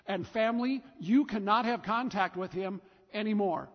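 A pastor with a high voice delivers a sermon at normal speed, telling the story emphatically and repeating himself often. He is in a church sanctuary, and the dull recording carries long church reverb.

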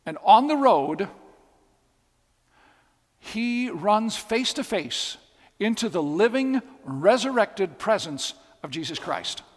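A man's voice: high voice, big pitch swings, takes it slowly, pauses often. A man preaching a sermon, telling stories with emphatic, repeated phrases. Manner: storytelling, emphatic and repetitive. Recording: long hall reverb.

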